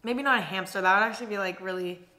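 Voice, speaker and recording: A woman's voice: mid-range voice, fast talker, sharp tone. A young woman in a casual taste-test vlog, blunt and candid, swearing now and then. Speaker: vlogger. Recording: faint music underneath.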